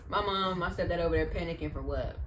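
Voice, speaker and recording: A young adult woman, a vlogger, telling casual, animated, slang-filled stories in storytime style. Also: lowish voice, brisk, a little hiss or hum, rough recording. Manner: chatty, slangy, animated retelling.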